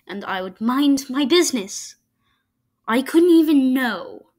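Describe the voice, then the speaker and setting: A woman's voice: sits high, lively intonation, darkish tone. A woman giving casual reaction commentary to videos, arguing her points with frequent stops and restarts. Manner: halting, argumentative, many restarts.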